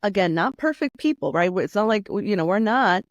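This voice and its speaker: A woman's voice: mid-range voice, animated, moderate pace, no room sound, muffled recording. A middle-aged woman from New York, talking casually as an interview guest, with many fillers and the odd Spanish phrase. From New York, USA. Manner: chatty, many fillers like "you know" and "like".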